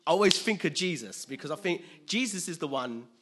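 A man preaching a sermon in an animated way, acting out scenes with sudden loud outbursts. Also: on the high side, brisk.

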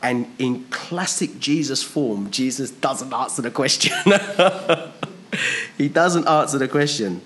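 A man preaching a sermon to a congregation, emphatic and fond of rhetorical questions, pushing his pitch up on key points. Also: expressive, slow, a bit bright.

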